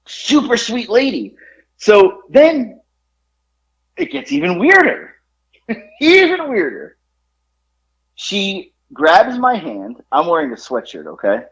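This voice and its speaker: On a podcast, a man with a high voice tells a story in casual chat, animated and rambling, using lots of fillers and laughing at his own tale. The recording sounds muffled.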